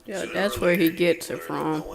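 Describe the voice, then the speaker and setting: Woman, reaction video host, casual chatty commentary, gravelly edge. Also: lowish voice, steady tone, crowd noise. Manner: casual, chatty, quick sign-off. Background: music.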